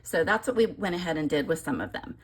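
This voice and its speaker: A woman's voice: sits low, lively intonation, fast talker. A woman chatting casually while demonstrating a papercraft technique, rambling and self-deprecating. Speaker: papercraft tutorial host.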